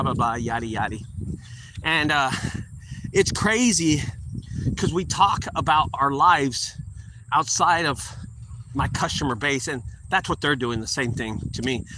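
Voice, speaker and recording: A man's voice: a little high, noisy background. A middle-aged man who owns a junk removal business, rambling and repeating himself as he gives casual advice and briefly acts out his conversations with customers. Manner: rambling and repetitive, acting out short quoted exchanges.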